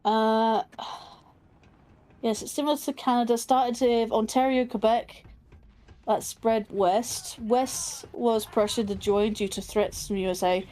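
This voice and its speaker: A woman's voice: fairly high pitch, steady tone, a little slow, dark tone. Chatty English woman with a London lilt. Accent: London English mixed with standard Southern English. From England. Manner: rambling, thinking aloud, chatty. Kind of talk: casual chat over gameplay.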